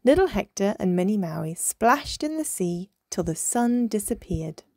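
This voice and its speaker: Slow, expressive woman storyteller. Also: mid-range voice, dry recording, studio quality. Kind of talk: children's picture-book read-aloud.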